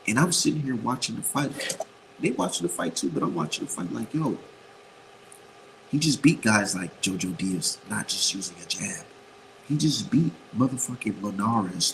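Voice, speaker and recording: A man with a gravelly, fry-edged voice holds forth on boxing in a loose, unscripted rant. He talks bluntly and profanely and circles back to hammer his points home, with a faint hiss under the recording. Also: fairly low pitch, fairly bright tone, low-quality recording. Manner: rambling, repeats points for emphasis. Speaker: boxing commentator. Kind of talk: casual boxing opinion rant.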